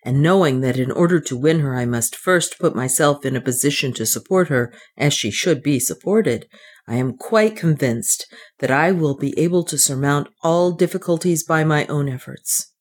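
An earnest young man, proud and wronged, as an audiobook reader plays him. He keeps a tight rein on his words, in a middle-pitched voice. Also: moderate pace, lightly acted. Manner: earnest, restrained. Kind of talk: audiobook reading.

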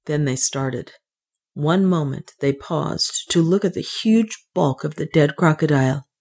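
Low-voiced woman narrating a novel. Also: a little slow, a little mellow, slightly rough. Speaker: audiobook narrator. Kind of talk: scripted narration.

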